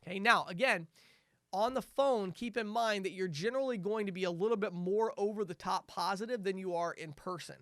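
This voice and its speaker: A man's voice: high-pitched, brisk, a bit bright, no room sound, clean studio sound. A man teaching a sales training lesson, coaching energetically and acting out cheerful sales greetings.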